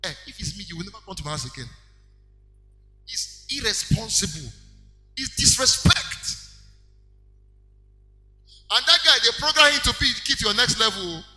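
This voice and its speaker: A man preaches with animated energy, slipping into short acted exchanges to make his point. His voice sits high and sharply bright. It rings through a roomy hall with faint music underneath. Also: moderate pace, pauses often. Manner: animated preaching, acting out little dialogues. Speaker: pastor. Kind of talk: sermon.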